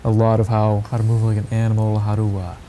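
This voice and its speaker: Male interviewer host, mellow and low, brief encouraging replies. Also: monotone, quick pace, slight background noise. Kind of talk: casual interview. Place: local TV studio.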